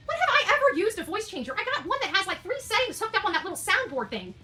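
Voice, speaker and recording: A woman in her forties talks on a livestream in a high, bright voice that swings widely in pitch. She sounds loud, emphatic and combative, and faint music plays under her. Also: sing-song, quick pace, few pauses. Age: 40s. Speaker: online streamer. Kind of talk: indignant livestream rant.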